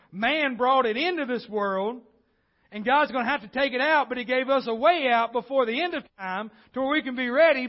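A man preaching a sermon, repeating key phrases and swinging between loud points and quiet asides. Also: very high-pitched, lo-fi sound. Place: church.

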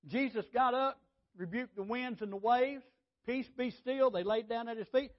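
A man's voice: very high voice, moderate pace. A man preaching a sermon, folksy and conversational, often repeating his words. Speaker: pastor. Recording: dull lo-fi sound.

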